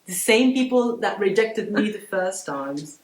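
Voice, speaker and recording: A woman in her thirties, a guest artist telling her story in a casual interview, animated and acting out the voices she quotes. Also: mid-range voice, unhurried, crowd noise. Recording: roomy echo.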